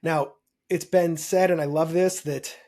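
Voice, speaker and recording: A man, a podcast guest explaining money in lively, emphatic interview talk, often checking in with "right?". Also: a little high, unhurried.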